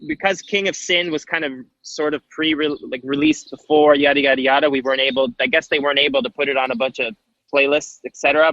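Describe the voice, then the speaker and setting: A man's voice: mid-range voice, bright, forceful tone, dry recording, muffled recording. A Canadian man, a guest musician, talking casually and rambling a little about his music while laughing often. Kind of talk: casual chat.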